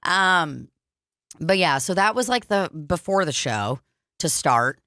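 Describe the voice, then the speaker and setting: A woman co-hosts a comedy podcast in a relaxed, chatty way, with a somewhat low voice. She swears freely and acts out the people in her stories. The sound is close and dry. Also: slow, no room sound. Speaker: podcast co-host. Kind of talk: casual chat, storytelling.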